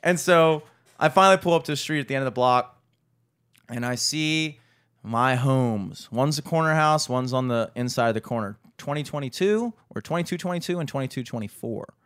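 A man casually telling a long story, animated and profane, acting out the voices of the people in it. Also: mid-range voice, moderate pace, clean tone, no echo, clean studio sound.

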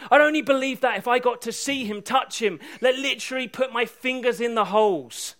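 Man playing a skeptical disciple, high and pushy, hard to convince. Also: fairly quick, fairly bright tone. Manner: incredulous, insistent. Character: doubting male disciple, stubborn skeptic.

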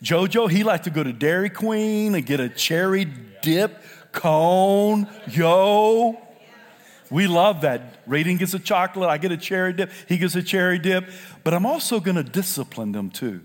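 An older man from South Carolina preaching a sermon, swinging from loud shouted lines to low, quiet asides. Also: lively intonation, moderate pace, in a large hall. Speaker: pastor.

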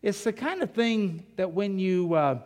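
A man's voice: sits high, lively intonation, unhurried, darkish tone. A male pastor preaching a sermon in a church, talking conversationally, asking rhetorical questions and telling humorous anecdotes. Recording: long reverb of a large hall.

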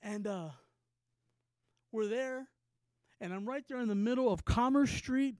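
A man from Texas preaching a sermon, telling a story with rising excitement and stammered repeats. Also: very high-pitched, measured pace, no echo.

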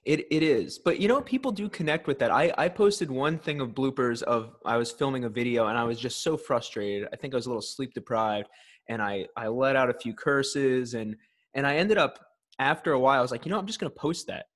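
Relaxed, reflective male podcast guest. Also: mid-range voice, a little fast. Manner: relaxed, reflective, some stammered restarts. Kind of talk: casual chat.

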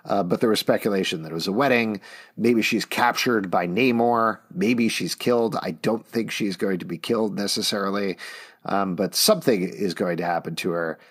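Excited man talking movie trailers. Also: fairly low pitch, breathy edge. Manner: enthusiastic, quick, animated asides. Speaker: podcast host. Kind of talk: casual pop-culture chat.

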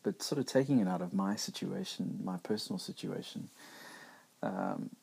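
A man's voice: sits low, normal speed, creaky, a little mellow, breathy edge. A middle-aged man hosting a podcast, talking candidly and reflectively in a conversational way with many restarts. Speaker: podcast host. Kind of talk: reflective personal monologue.

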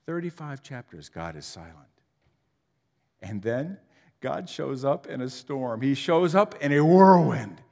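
A man preaching a sermon with dramatic delivery, swinging from loud declarations to near whispers. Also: medium pitch, sing-song, unhurried, vocal fry. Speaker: pastor. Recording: long hall reverb.

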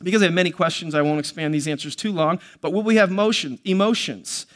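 A man's voice: fairly high pitch, fast, a bit bright. A male pastor preaching a sermon, teaching earnestly with many fillers and restarts and reading scripture aloud.

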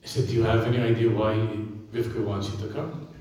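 Rabbi preaching in an echoey hall. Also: male voice, medium pitch, brisk. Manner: animated, swings between loud emphasis and quiet asides. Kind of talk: sermon with storytelling. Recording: echoey hall, speaker far from mic.

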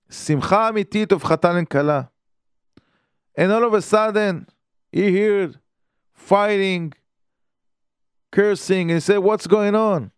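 A man tells a story as a sermon in earnest, halting English. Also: fairly high pitch, smooth, no echo, studio quality.

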